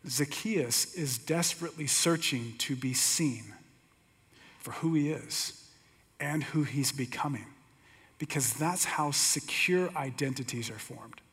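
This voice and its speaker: A middle-aged man teaching a sermon, telling stories in a relaxed, conversational way with humor. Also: mid-range voice, unhurried, breathy edge. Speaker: pastor teaching. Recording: long hall reverb.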